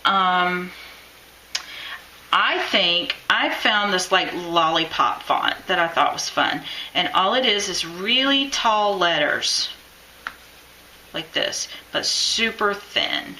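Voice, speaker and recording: A woman leads a live-stream drawing tutorial on chalk lettering, talking warmly and encouragingly while she works. She speaks slowly in a lowish, sharp voice with lively intonation, and the rough recording has a bit of background noise.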